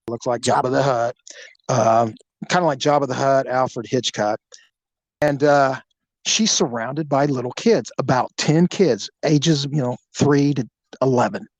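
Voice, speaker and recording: A man hosting a podcast, telling a story in an animated, crude, joking way. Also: mid-range voice, no echo, low-quality recording. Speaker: podcast host.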